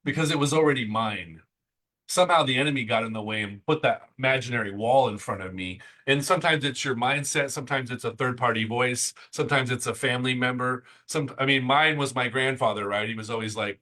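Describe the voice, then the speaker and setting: A middle-aged man hosting an interview, talking in excited bursts in a motivational chat. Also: mid-range voice, low-quality recording. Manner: excitable, talks fast in bursts. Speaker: interview host.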